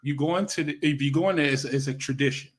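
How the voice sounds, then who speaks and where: A man's voice: on the high side, quick pace. A man hosting a radio interview show, chatting casually with plenty of supportive affirmations. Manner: warm, supportive, frequent affirmations.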